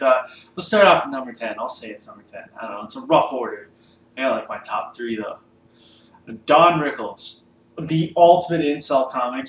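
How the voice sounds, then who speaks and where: A man's voice: medium pitch, fairly bright tone. Casual male vlogger, rambling and profane, heard from a distance in a roomy space with faint hiss. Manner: rambling, loose, swears often, many fillers. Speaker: vlogger ranking comedians. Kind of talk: casual unscripted monologue. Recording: echoey room, mic at a distance, faint background hiss.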